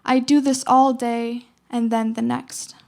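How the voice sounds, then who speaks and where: A teenage girl reciting spoken word poetry at a slam, with rhythmic, emphatic delivery and dramatic pauses. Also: a little high, little pitch movement, vocal fry, very noisy. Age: teens. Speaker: slam poet.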